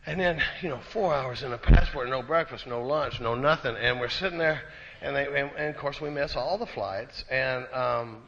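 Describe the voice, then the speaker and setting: A man from Austin with a Texan accent, telling an animated, self-deprecating recovery story to a conference crowd. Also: mid-range voice, moderate pace, a little hiss or hum. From Austin, Texas. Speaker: recovery speaker. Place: conference hall. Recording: dull echoey hall recording.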